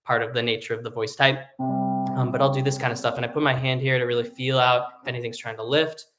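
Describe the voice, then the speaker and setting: A man who sings tenor, teaching a live singing lesson in a relaxed, explanatory way, with hummed and sung demonstrations. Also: mid-range voice, fast talker, over loud music. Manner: explains casually, demonstrates hums and sung vowels.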